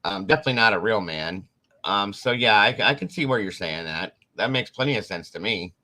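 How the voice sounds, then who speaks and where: A man with a low but bright, forceful voice hosts a casual live-stream chat from home. He talks in a relaxed, rambling way, often pausing on "um" and laughing along the way. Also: poor audio. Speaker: host.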